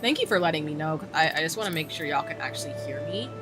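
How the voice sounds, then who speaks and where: A woman's voice: deep voice, lively intonation, very fast, a bit bright, faint music behind. A woman streamer chatting casually while gaming, telling a rambling story and laughing often, on a desk microphone.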